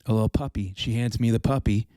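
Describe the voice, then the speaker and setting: Animated storytelling man, dry close sound. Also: on the low side, fast, no echo. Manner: animated storyteller, swears freely. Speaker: podcast guest. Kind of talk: casual chat.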